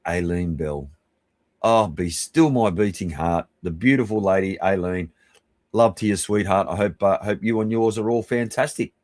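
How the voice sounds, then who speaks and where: An Australian man hosting a live stream, giving rambling, chummy shout-outs to viewers and swearing casually. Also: sits low, moderate pace, dry recording. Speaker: livestream host.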